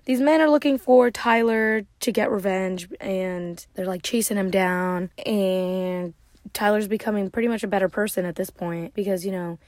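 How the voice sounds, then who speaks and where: Chatty vlogger, a woman recapping a film loosely with giggles, mid-pitched, dry close mic. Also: steady tone, normal speed, a little mellow, no echo. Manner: rambling, giggly, heavy use of "like". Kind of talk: casual movie recap.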